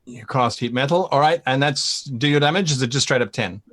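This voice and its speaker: A man's voice: mid-range voice, a little fast, fairly bright tone, no echo. Man narrating as game master. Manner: stammering repetitions while narrating.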